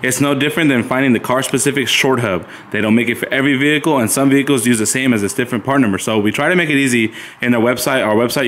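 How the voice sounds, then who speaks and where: A man with a medium-pitched, slightly bright voice hosts a casual product walkthrough for a car parts shop. Standing in the store, he chats loosely to viewers and calls them "you guys."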